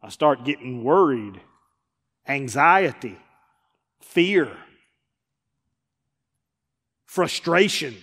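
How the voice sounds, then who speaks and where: A man preaching as a pastor, who acts out the people he quotes and swings between loud and hushed delivery. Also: medium pitch, animated, extremely slow, long pauses, long reverb tail. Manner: preacher acting out quoted voices, rising and dropping in volume. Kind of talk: sermon. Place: church sanctuary.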